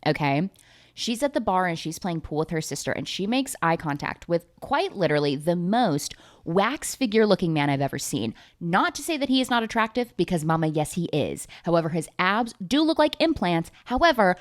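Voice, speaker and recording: A vlogger recaps a movie as if chatting with a friend, speaking fast in a breathless, gossipy rush. Her slightly low voice leaps into loud, squealing outbursts, and she adds salty, profane asides with big comic pitch jumps.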